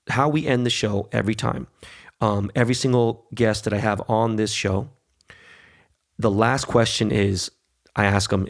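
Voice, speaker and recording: A man in his forties hosting a podcast in casual chat, an animated storyteller who swears freely and mimics others. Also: medium pitch, unhurried, gravelly. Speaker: podcast host.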